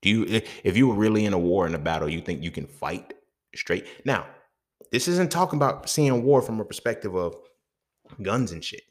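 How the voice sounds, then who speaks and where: A man's voice: lowish voice, animated, a little fast. A man hosting a podcast, talking in a casual, profane monologue full of rhetorical questions. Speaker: podcast host.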